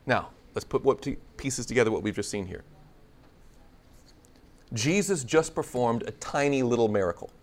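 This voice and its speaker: Animated male preacher with lively pitch. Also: normal speed, pauses often. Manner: conversational, animated, acts out biblical dialogue with humor. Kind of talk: sermon.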